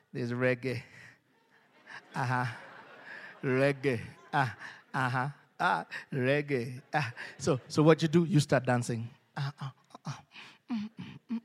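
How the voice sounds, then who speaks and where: A man preaching a sermon, animated, acting out voices and swinging between hushed and loud. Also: a little high, vocal fry. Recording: long hall reverb.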